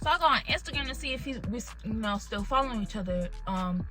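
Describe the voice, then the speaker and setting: A young woman vlogger tells a dramatic story of her own in a lively, expressive way, cursing freely. Her voice sits fairly high and sounds bright and sharp. Soft music plays quietly underneath. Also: fast, low-quality recording. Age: young adult. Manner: animated, emotional retelling with swearing. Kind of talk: storytime, casual chat.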